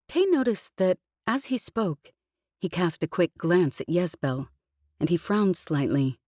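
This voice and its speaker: A woman narrating a science fiction audiobook with an even, expressive reading. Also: lowish voice, unhurried, no echo, studio quality. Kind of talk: scripted narration.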